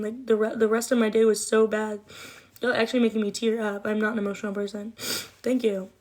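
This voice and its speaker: A woman's voice: medium pitch, little pitch movement, quick pace, a little mellow. A young woman chatting casually on a livestream, rambling, emotional and swearing often. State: cold, shivering.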